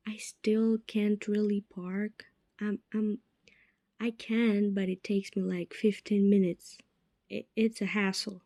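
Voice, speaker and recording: Slow, mellow-voiced young woman podcasting. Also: medium pitch, dry recording. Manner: chatty and self-mocking, drops to whispered asides. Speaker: podcast host. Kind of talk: casual solo podcast chat.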